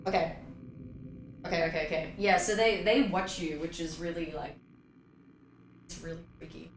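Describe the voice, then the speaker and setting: A woman's voice: on the low side, normal speed, reverberant, a little hiss or hum. A woman streaming a game live, chatting and swearing freely with her chat and sing-songing greetings, her voice a bit worn out.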